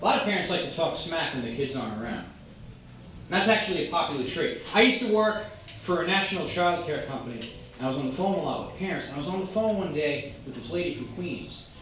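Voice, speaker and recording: A stand-up comedian tells a wry story with lively, swinging intonation and frequent ums. The voice comes from a distance in a very echoey space, with faint ambience underneath. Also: mid-range voice, fast, a little hiss or hum. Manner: animated, wry, uses many um and uh. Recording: echoey room, far-off mic, faint ambience.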